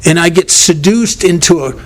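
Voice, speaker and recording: A man's voice: a little high, normal speed. A man speaking at a recovery workshop, talking in an earnest, storytelling way that often breaks off and restarts. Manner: storytelling, self-interrupting, earnest.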